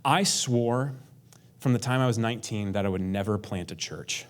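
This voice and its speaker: A man's voice: lowish voice, normal speed. A male pastor preaching a conversational sermon, acting out prayers in a raised voice and dropping to a near whisper for emphasis.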